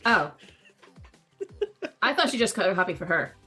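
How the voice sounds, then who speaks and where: A woman playing a tabletop game, amused and quick to laugh in casual chat. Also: medium pitch, lively intonation, bright, forceful tone, husky, faint music behind. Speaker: player.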